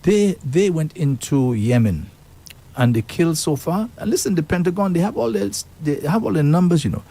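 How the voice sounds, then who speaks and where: A man's voice: fairly high pitch, lively intonation, moderate pace, warm tone. A man hosting a talk radio show, speaking, emphatic and indignant as he reads out and comments on news.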